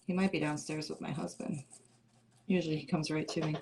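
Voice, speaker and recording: Middle-aged woman, craft livestream host, slightly low voice, easy playful chatter with the viewers. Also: level tone, a little fast, gravelly, background noise. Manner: chatty and playful, answers comments. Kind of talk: casual chat with live viewers.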